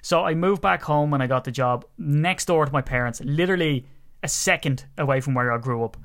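A fairly high-voiced Irish man co-hosting a podcast, chatting casually. He tells stories with lots of energy and slips into other people's voices as he goes. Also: a little fast. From Ireland, Wicklow. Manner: animated storyteller, acts out quoted voices. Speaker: podcast co-host.

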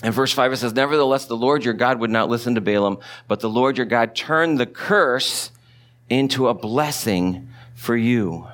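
A man preaching a sermon as pastor, talking in a relaxed conversational way and putting questions to his listeners. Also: mid-range voice, normal speed. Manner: conversational, asks the congregation questions.

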